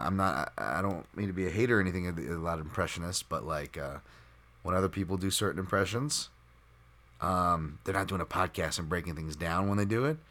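A man's voice: low voice, a bit bright. A man hosting a solo podcast, talking unscripted in a rambling, self-deprecating way with lots of fillers and restarts. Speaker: podcast host.

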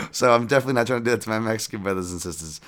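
Low-voiced man rambling through picks. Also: fairly bright tone, clear, resonant tone. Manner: rambling, with frequent restarts and casual swearing. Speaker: podcast host and fight analyst. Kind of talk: casual podcast breakdown.

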